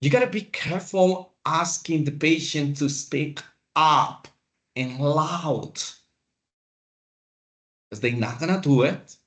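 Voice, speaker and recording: A man teaching a class, lecturing in a slow, deliberate way with pauses. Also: on the high side, a bit bright. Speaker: instructor.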